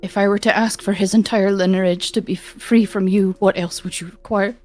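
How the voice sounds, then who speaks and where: A woman speaking as a player in a tabletop game, in a formal, measured in-character voice. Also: medium pitch, fairly even intonation, darkish tone.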